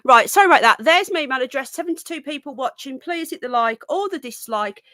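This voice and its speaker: A woman's voice: high-pitched, expressive, quick pace, bright, forceful tone, no room sound, clean studio sound. A woman hosting a live stream, chatting and rambling as she greets viewers and often breaks off mid-sentence. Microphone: close desk microphone.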